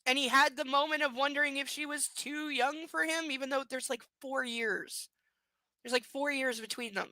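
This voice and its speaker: A woman's voice: high-pitched, fairly even intonation, normal speed, sharp tone, dry recording. A woman reading a novel aloud live, breaking off for sarcastic, incredulous commentary. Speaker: book reader and commentator.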